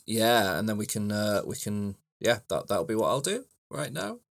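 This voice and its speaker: A man co-hosting a podcast in casual chat, relaxed and rambling as he talks. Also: fairly low pitch, normal speed, creaky. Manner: relaxed, rambling, many fillers and restarts. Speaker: podcast co-host.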